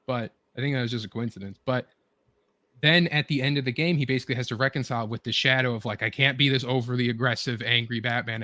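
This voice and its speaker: A man's voice: mid-range voice, bright, forceful tone, no room sound. Rambling enthusiastic man, dry close sound. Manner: rambling, filler-heavy, eager retelling. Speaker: show host. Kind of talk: casual chat with friends.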